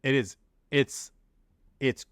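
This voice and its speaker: A man co-hosting a podcast, chatting casually and jokily, acting out movie characters in quick little voices. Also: fairly bright tone, no echo. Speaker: podcast co-host. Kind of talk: casual chat.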